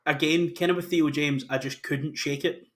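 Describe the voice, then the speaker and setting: A man's voice: a little high, fairly even intonation, normal speed. A man hosting a casual podcast chat, talking enthusiastically about casting with frequent restarts. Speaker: podcast host.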